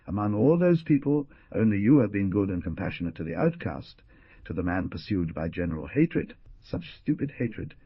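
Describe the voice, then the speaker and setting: A man's voice: sits low, husky, dry recording, lo-fi sound, exaggerated voice. A man voicing a proud, bitter young outlaw with an intense delivery. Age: young adult.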